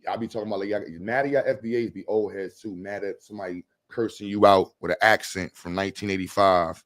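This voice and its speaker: A man's voice: lowish voice, steady tone, fast talker, few pauses, no room sound. A man hosting a casual livestream chat, talking bluntly and rambling with jokes. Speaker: host.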